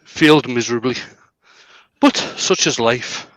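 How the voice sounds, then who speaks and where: A man's voice: mid-range voice, a little slow, no room sound, poor audio. A man hosting a live craft stream, chatting casually and joking about his own work. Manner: relaxed, self-deprecating about his work. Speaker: craft demonstrator and show host.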